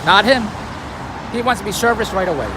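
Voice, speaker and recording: A man with a very high voice tells a rambling everyday story in a grumbling, self-amused way, his pitch bouncing up and down as he goes. He sits in a car by a busy street, and traffic noise comes through clearly behind him. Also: lively intonation, brisk. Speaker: vlogger.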